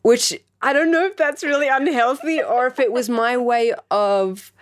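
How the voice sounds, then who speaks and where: A woman's voice: a little high, normal speed. A woman musician answering interview questions, thoughtful and reflective with wry laughs. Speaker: musician guest.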